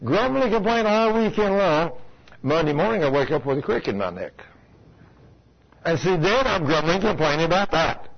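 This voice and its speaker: A pastor preaches a sermon built around a folksy anecdote, putting rhetorical questions to the congregation. His fairly high voice swings widely in pitch and runs a little fast, and the recording is muffled.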